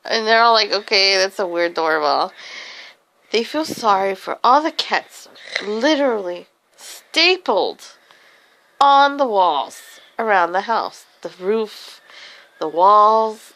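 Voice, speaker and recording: A woman's voice: mid-range voice, a bit bright, rough recording. A woman telling an improvised silly story, giggly and rambling.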